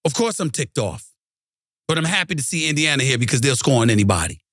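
A man's voice: mid-range voice, sing-song, fast talker, fairly bright tone, no echo, studio quality. A man hosting a sports talk show, ranting emphatically and repeating lines for punch. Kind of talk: ranting sports commentary monologue.

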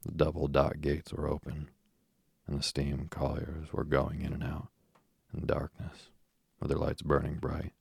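A man with a deep gravelly voice, reading a story aloud slowly and softly for sleep. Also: dry recording, studio quality. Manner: soft, even, unhurried delivery. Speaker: narrator.

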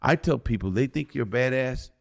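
A creaky-voiced middle-aged American man, once incarcerated, tells frank, profanity-heavy stories as a guest on a podcast at normal speed. His talk veers between loud outbursts and quiet, low asides.

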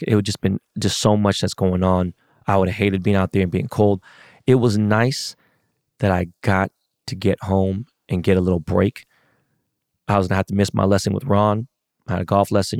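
Gravelly-voiced man venting, profane. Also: sits low, a little mellow, no echo, studio quality. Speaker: sports fan. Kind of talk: casual rant.

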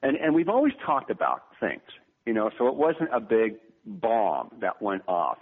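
A man in his fifties, a podcast guest telling family stories in a jokey, animated way, full of repeated words and quick impressions. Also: lowish voice, husky. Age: 50s. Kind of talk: animated storytelling interview. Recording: tinny phone-line audio.

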